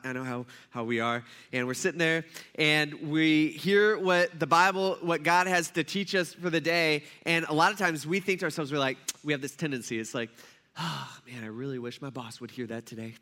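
A man's voice: on the high side, sharp tone. A young man preaching a casual, conversational sermon, telling stories and checking in with the congregation. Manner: conversational, storytelling, checks in with the audience.

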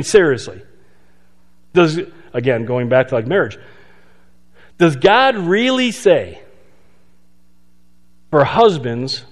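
A man preaching a sermon in a conversational way, asking rhetorical questions and slowing down for emphasis. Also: on the high side. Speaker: pastor. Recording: long hall reverb.

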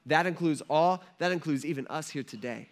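A man in his thirties preaching a sermon from a church stage, telling stories in an animated, conversational way with lots of asides. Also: a little high, a little fast. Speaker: pastor.

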